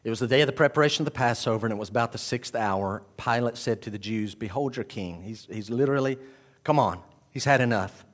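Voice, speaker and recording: A male pastor delivers a sermon. His voice sits at an ordinary middle pitch, and it moves from hushed, low stretches into loud, raised cries. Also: fast talker. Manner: swings from quiet and low to loud, raised exclamations.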